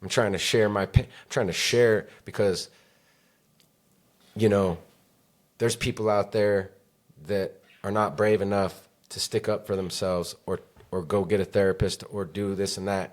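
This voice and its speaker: A man with a fairly low voice talks alone into his podcast mic. He rambles candidly and curses often. His delivery is emotional and confessional. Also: steady tone, a little slow. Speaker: podcast host. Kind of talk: solo podcast monologue.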